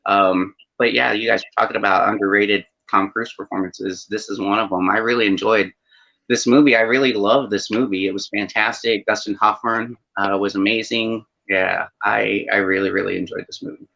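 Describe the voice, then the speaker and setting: Excitable rambling man on a dull line. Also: fairly low pitch, normal speed, vocal fry. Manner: excitable, rambling, apologizes for ranting. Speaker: panel guest. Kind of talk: casual livestream chat. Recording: dull lo-fi audio.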